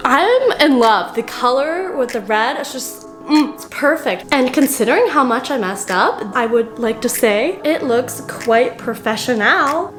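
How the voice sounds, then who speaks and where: A young woman with a slightly high, bubbly voice chats her way through a sewing project. She talks to herself as she works, casual and upbeat, like a DIY vlogger narrating each step. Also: expressive, measured pace, few pauses, soft background music. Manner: chatty, bubbly and self-talking while crafting.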